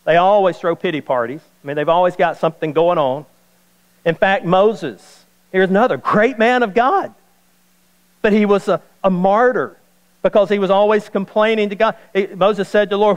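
A man preaching a sermon as pastor, folksy and animated, repeating key lines and joking with the congregation. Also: sits high, normal speed, long reverb tail, rough recording. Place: church sanctuary.

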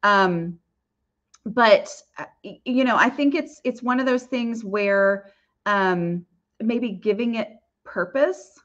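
A woman's voice: a little high, slow pace, fairly bright tone, muffled recording. A woman hosting a casual live Q&A and answering viewer questions, talking in a chatty, rambling way with many fillers and restarts.

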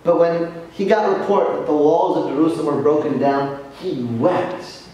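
A man, a priest, giving a lively sermon lecture and telling stories with acted-out voices. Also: fairly high pitch, moderate pace. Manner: animated storytelling, acts out quoted voices. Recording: echoey hall, distant mic, faint noise.

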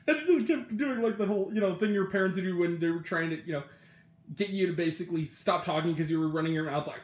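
A young man who vlogs TV reviews talks fast in a high-pitched voice, rambling casually about an episode, laughing often and acting out quotes. The room is echoey.

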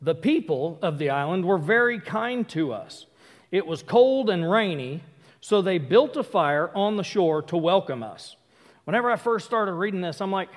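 High-voiced man preaching in a reverberant hall. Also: expressive. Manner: conversational, self-interrupting, acts out quick asides. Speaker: pastor. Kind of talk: casual sermon.

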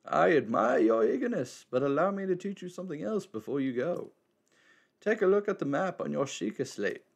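A man voicing a mysterious, teasing old male hermit in a slow, measured old man voice, reading game dialogue aloud. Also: on the high side, sing-song, creaky, pitched above the performer's own voice, heavily acted. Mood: cryptic, teasing.

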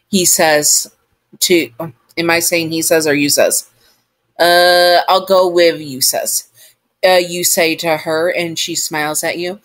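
A woman reads fan fiction aloud in the second person. Her voice sits low and she takes her time. She rambles and corrects herself often as she goes. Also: fairly even intonation, slow pace. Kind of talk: second-person story narration.

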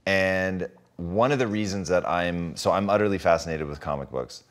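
Low-voiced, enthusiastic male host. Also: moderate pace. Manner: enthusiastic, swears freely, grows emphatic. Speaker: podcast host. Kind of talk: casual interview chat.

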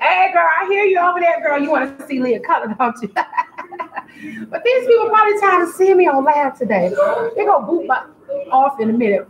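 Brief: bubbly woman hairstylist hosting a live stream, a bit high, in an echoey salon with background noise. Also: brisk, crowd noise. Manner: exuberant, calls viewers honey and baby, playful sound effects. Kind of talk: lively live-stream chat. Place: hair salon, indoors.

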